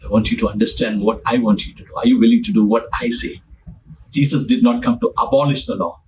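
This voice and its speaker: Emphatic preacher, heard from a distance. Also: male voice, medium pitch, fast talker, slight background noise. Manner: repetitive, emphatic, dramatizes scripture. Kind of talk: sermon.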